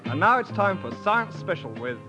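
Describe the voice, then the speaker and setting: A man's voice: sits high, sing-song, normal speed, highs cut off, over loud music. A man announcing segments in a radio sketch comedy show.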